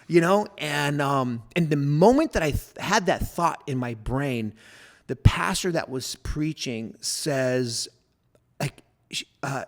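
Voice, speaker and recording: A middle-aged man, a pastor, telling his personal story in a podcast interview, earnest and full of fillers, at times dropping to a hushed voice. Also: fairly high pitch, animated, slow.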